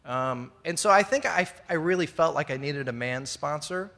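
This middle-aged man is sharing his recovery story with a meeting audience in an indoor room. His voice is a little high, expressive, pushed and bright, moving at a moderate pace. He rambles earnestly with many fillers and restarts, sometimes laughing at himself.

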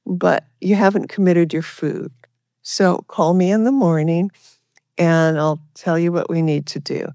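A woman's voice: lowish voice, fairly even intonation, a little slow, warm tone, no room sound, clean studio sound. A middle-aged woman sharing her recovery story at a meeting, talking earnestly and rambling with many restarts. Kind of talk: personal recovery share.

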